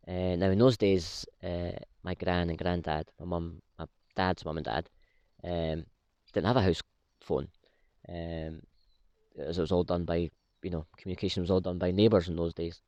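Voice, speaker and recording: Brief: low, dry-voiced vlog host, unhurried storyteller full of "uh"s. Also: male voice, dry recording, lo-fi sound. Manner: relaxed, with many "uh" fillers. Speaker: pipe-smoking vlog host. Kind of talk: casual storytelling. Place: woodland, outdoors.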